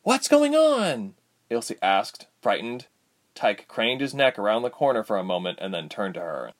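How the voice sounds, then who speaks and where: A man reading a story aloud, expressive and lively. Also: on the low side, normal speed. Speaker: narrator. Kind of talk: storybook narration.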